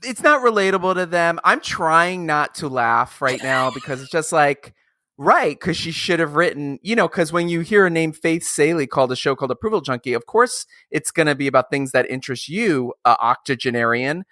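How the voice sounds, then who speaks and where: A male podcast host telling a funny story in casual chat, animated, swearing freely and laughing along. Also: a little high, moderate pace, no room sound, clean studio sound.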